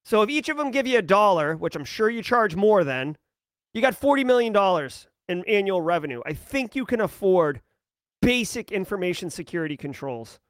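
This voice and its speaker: A man's voice: sits high, sing-song, normal speed, dry recording, studio quality. A man hosting a tech news show, ranting emphatically and sarcastically about a data breach and business decisions.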